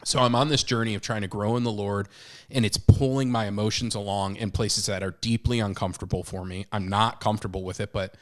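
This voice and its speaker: A man in his thirties co-hosting a podcast, talking candidly and with animation, swinging between loud and hushed. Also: lowish voice, steady tone, brisk. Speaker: podcast co-host. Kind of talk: casual chat.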